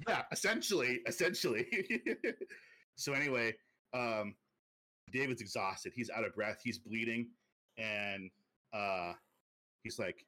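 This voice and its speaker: A young man casually chatting on a podcast, pitching a movie sequel in a rambling way full of fillers. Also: normal speed. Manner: rambling storytelling with many fillers, drops low and quiet for quoted lines. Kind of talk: casual chat.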